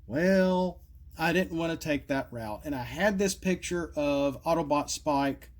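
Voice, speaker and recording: A man's voice: a little high, darkish tone. A middle-aged man casually presenting homemade game cards, rambling with many fillers and asides, his voice cracking and coughing at times. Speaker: card game creator presenting custom cards. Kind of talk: casual solo video talk.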